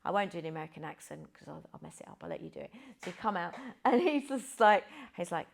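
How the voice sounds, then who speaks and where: A woman's voice: medium pitch, lively intonation, a little fast, gravelly. A middle-aged woman, a yoga teacher, giving an informal spiritual talk with candid, chatty storytelling.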